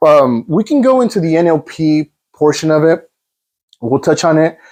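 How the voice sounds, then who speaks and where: A man's voice: a little high, sing-song, normal speed, warm tone. A man hosting a self-help coaching talk, earnest, often restarting phrases and calling the audience "guys.". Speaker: host, coach.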